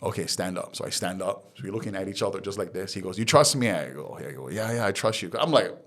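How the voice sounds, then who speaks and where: A man's voice: sits low, fast. A man from Hawaii, a podcast guest, telling his life story candidly and acting out the dialogue he quotes. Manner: animated retelling, acts out quoted dialogue.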